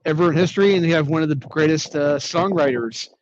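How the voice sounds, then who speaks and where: A man's voice: a little high, fast, a little hiss or hum. A man co-hosting a casual comic review chat, ranting with profane indignation, recorded on a muffled lo-fi microphone.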